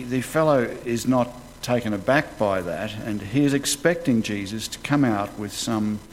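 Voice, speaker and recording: Preacher in a reverberant hall. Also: male voice, medium pitch. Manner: colloquial storytelling, vivid retelling of scripture. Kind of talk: conversational sermon. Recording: long hall reverb, faint background noise.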